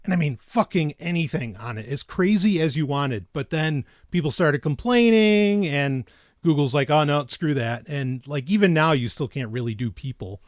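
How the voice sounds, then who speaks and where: A man co-hosting a podcast, chatting loosely with frequent restarts and bursts of laughter. His voice sits a bit high for a man and swings widely in pitch. The studio sound is dry and close. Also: expressive, no echo. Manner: rambling, self-interrupting, quick to laugh. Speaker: podcast co-host. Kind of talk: casual chat.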